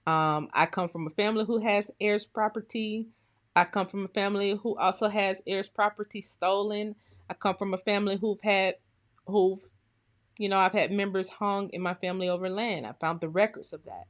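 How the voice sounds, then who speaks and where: A woman hosting a live stream as a historian, greeting viewers by name in a lively, chatty way before turning to a serious talk. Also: medium pitch, normal speed. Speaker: livestream host and historian.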